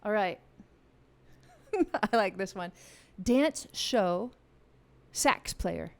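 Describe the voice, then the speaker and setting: A woman's voice: mid-range voice, lively intonation, very slow, creaky. Playful, chatty woman hosting a live online game, talking straight to viewers on a studio mic. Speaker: music channel host running a live game. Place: home music room with a piano. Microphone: studio vocal mic.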